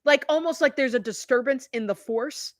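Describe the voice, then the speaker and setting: On her casual live-stream, a YouTube host in her fifties shares stories in a chatty, confiding manner and laughs often. The voice sits high at a moderate pace, in a dry, studio-quality recording.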